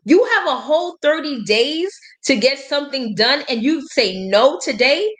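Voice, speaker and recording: A woman's voice: high-pitched, expressive, normal speed, fairly bright tone. A woman coach giving a motivational live-stream talk, speaking emphatically and preachily, quoting scripture and laughing between points. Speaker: life and business coach.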